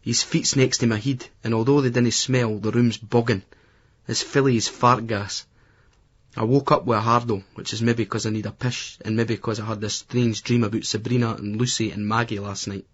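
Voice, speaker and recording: A man's voice: mid-range voice, flat delivery, moderate pace, breathy edge. A man with a Scottish accent reading a novel aloud in a blunt, crude, conversational first-person voice. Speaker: audiobook narrator. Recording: dull lo-fi audiobook recording.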